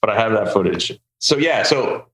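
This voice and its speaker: A man hosting a podcast, telling a long car story in a casual, animated way and acting out the people he quotes. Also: on the low side, moderate pace. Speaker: podcast host. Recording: roomy with faint ambient noise.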